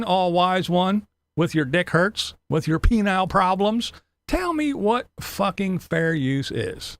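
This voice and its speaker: A man's voice: high voice, creaky, no echo. A man hosting a livestream commentary show, ranting in a sarcastic, mocking way, swearing freely and laughing often. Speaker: commentary channel host. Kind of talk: profane livestream rant.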